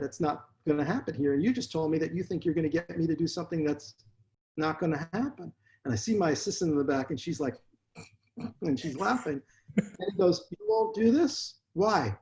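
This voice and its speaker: A man's voice: a little high, a little fast. A man, a dentist, telling blunt stories from his practice in a casual interview. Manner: blunt, animated storyteller. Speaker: dentist guest.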